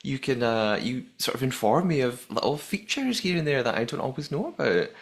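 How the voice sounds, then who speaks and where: A man's voice: medium pitch, a little fast. A man hosting a podcast, reading an upbeat intro and chatting with his guest. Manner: lively, upbeat scripted intro. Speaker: podcast host. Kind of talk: podcast chat.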